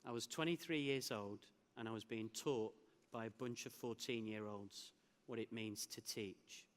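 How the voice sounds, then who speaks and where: A man's voice: on the low side, unhurried. Man telling a story in an echoing hall. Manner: animated storytelling with laughs and restarts. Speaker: keynote speaker. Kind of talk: conference keynote speech. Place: large hall. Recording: hall with long reverb.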